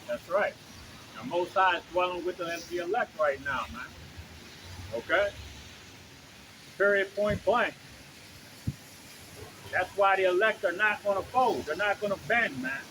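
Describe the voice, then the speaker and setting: A man with a high-pitched voice preaches outdoors in a blunt, profane, emphatic way. He keeps checking in with the listener between points. Faint traffic hums behind him. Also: lively intonation, measured pace, long pauses. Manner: blunt, profane, emphatic, keeps asking okay and you know. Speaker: street preacher.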